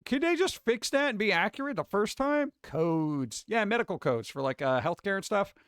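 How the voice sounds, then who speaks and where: High-voiced man rambling. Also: sing-song, normal speed, fairly bright tone, clear, resonant tone, no room sound, clean studio sound. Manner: rambling, acts out other people's voices. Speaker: livestream host. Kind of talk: casual stream chat.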